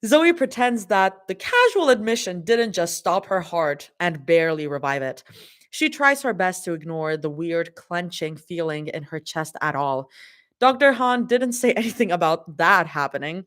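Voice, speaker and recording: A woman's voice: fairly low pitch, expressive, normal speed, fairly bright tone. A woman doing a casual live reading of fanfiction, dropping in her own laughing asides. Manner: casual, laughs and swears between passages. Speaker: fanfiction reader.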